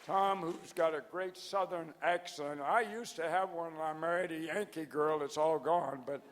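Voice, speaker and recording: A ninety-year-old founder who is hard of hearing gives a folksy, joking anniversary speech to a crowd, wandering through anecdotes as he loses his place. His voice is a little high, fairly even, at a moderate pace, recorded in a large event hall with faint crowd and noise.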